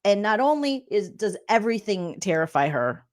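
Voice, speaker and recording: A woman's voice: medium pitch, big pitch swings, normal speed. A woman in her forties, a comedian, doing a sarcastic, exasperated reaction rant with plenty of swearing. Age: 40s.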